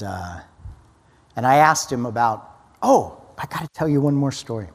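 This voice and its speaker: A man giving an earnest personal testimony as a guest speaker, often restarting his sentences. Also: mid-range voice. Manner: earnest storytelling, frequent restarts. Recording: long hall reverb.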